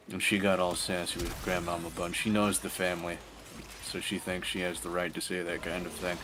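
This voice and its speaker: A young man streamer chatting casually, animated and quick to laugh. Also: low-pitched, background noise. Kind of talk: casual chat.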